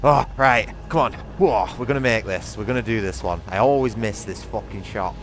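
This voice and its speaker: A man with a British accent giving excitable live gameplay commentary, swearing often and talking straight to his viewers. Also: lowish voice, moderate pace, a little hiss or hum. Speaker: gaming streamer.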